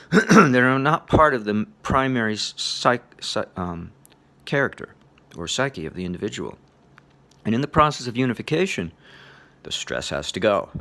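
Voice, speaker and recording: A man giving a relaxed spoken lecture on meditation, chuckling often in a loose, playful way. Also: fairly low pitch, vocal fry. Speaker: meditation teacher.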